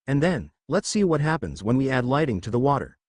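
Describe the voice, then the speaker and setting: A man's voice: mid-range voice, very animated, fairly quick, no echo, studio quality. A man voicing a confident young male ninja hero who lectures his rival in a fan-made anime story. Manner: confident, preachy.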